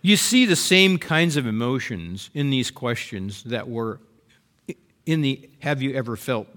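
A man's voice: mid-range voice, a little slow. A man preaching a sermon as pastor, talking to the congregation and acting out heartfelt prayers and complaints to God. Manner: expressive, acts out voiced prayers and complaints.

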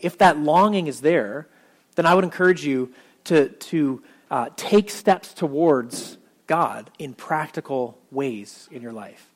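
A man's voice: on the high side, normal speed. A man preaching a sermon as pastor, talking casually with lots of fillers and restarts.

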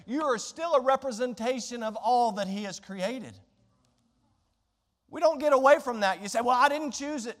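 A man preaching a sermon to a congregation, shifting between impassioned, conversational preaching and quiet pleading. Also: very high-pitched. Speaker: pastor. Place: church sanctuary. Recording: long church reverb.

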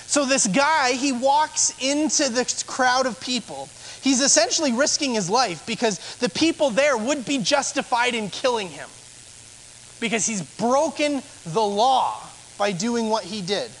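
A man's voice: very high voice, expressive, measured pace, fairly bright tone, slight background noise, poor audio. A man, a pastor, preaching a sermon in a conversational way, asking rhetorical questions.

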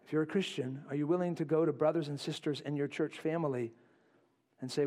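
A male pastor preaching a sermon, acting out quotes and dropping to quiet asides. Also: fairly high pitch, a little fast. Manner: animated, acts out voices in quotes, drops to quiet asides.

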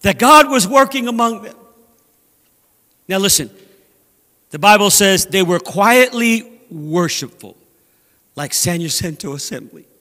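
A man preaching a sermon as a guest speaker in a church, animated and acting out voices from scripture. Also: high-pitched, a little slow, long pauses, in a large hall. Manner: animated, acts out scripture voices, laughs at own jokes. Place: church sanctuary.

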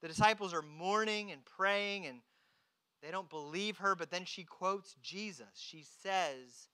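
Bright-voiced dramatic preacher. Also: medium pitch, measured pace, clear, resonant tone. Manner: dramatic, swings between hushed and emphatic. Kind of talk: sermon.

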